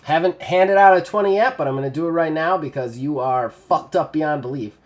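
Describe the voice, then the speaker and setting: A man's voice: fairly high pitch, brisk. A man running a tabletop game as game master, casual, swearing and laughing as he narrates.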